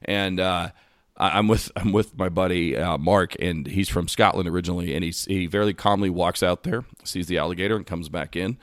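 A man co-hosting a casual sports podcast, telling animated stories and acting out voices. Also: low-pitched, brisk, no echo, clean studio sound. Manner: animated storyteller, acts out voices in anecdotes. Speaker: podcast co-host. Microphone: podcast microphone.

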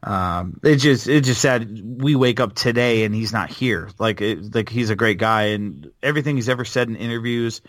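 A man's voice: on the low side, moderate pace, few pauses, a bit bright, dry recording. A man in his thirties co-hosting a podcast in casual chat, blunt and ranting, swearing freely. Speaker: podcast co-host.

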